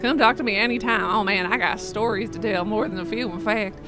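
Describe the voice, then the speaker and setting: A woman's voice: medium pitch, a little fast, loud music behind the voice, lightly acted. A woman voicing a folksy, talkative male survivor in a video game with a put-on Southern accent. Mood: hearty. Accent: put-on American Southern. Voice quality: drawling and hearty.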